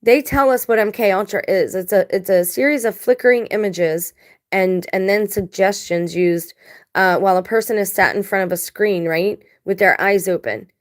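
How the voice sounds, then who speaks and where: A woman's voice: medium pitch, normal speed. A woman vlogging casual commentary to her viewers, blunt and emphatic, talking straight to the audience. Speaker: video blogger.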